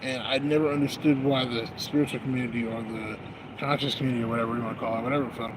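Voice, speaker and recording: Guy rambling and cussing outside at night, slangy, traffic noise all around, avg pitch. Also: steady tone, very fast. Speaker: vlogger. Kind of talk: rambling casual monologue. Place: outdoors at night on a smoke break. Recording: noisy outdoor street with traffic.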